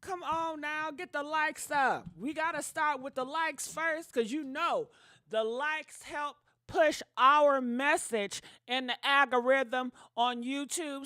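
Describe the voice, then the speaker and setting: A woman hosting casual livestream commentary in an animated, sassy way, talking straight to her viewers. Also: high-pitched, no room sound, studio quality. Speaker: commentary channel host.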